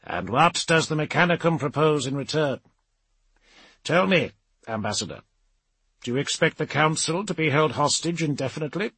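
A man's voice: a little high, a bit bright, breathy edge, no room sound, voice pushed up, poor audio. A man voicing a hard, unbowed elder male regent in an audiobook, firm and commanding.

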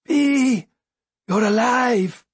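A man voicing a battered, gentle man who speaks faintly in a slurred, sorrowful voice. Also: very high voice, extremely slow, slightly rough, no room sound, pitched above the performer's own voice, exaggerated voice.

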